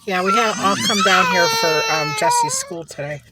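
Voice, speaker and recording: Sitting in a car with heavy noise behind her, this woman eats on camera and spins gossipy, meandering tales. Her mid-range voice swings wildly in pitch at a normal speed, and she keeps breaking into laughter.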